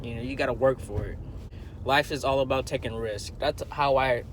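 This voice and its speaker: A man's voice: medium pitch, fairly even intonation, normal speed, a little hiss or hum. A young man talking casually to the camera in a slangy, rambling way, with a groggy morning voice, recorded in a car and outdoors in the city. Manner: laid-back, slangy, rambling. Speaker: vlogger. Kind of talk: casual vlog talk to camera.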